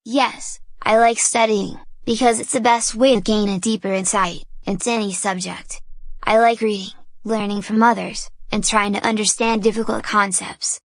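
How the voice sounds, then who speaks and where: A woman's voice: mid-range voice, steady tone, normal speed, no echo. Female candidate, composed scripted answers, dry sound. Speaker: sample exam candidate.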